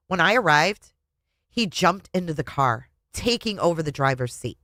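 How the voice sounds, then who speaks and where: Deep-voiced and speaking at normal speed, a book reviewer reads a memoir with feeling and offers her own commentary in an expressive, emotional style. The recording is dry.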